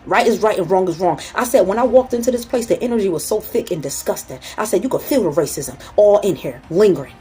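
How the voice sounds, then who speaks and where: A woman's voice: medium pitch, lively intonation, fast talker, few pauses, warm tone, faint music behind. A woman hosting a casual motivational talk, blunt and profane as she tells stories to her audience.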